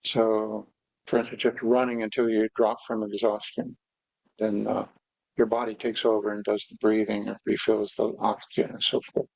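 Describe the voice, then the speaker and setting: A man teaching meditation, guiding breathing exercises slowly and haltingly, with pauses and fillers. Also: fairly low pitch, little pitch movement, vocal fry, no echo. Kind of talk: guided breathing instruction. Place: meditation hall. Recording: dull, dry lo-fi recording.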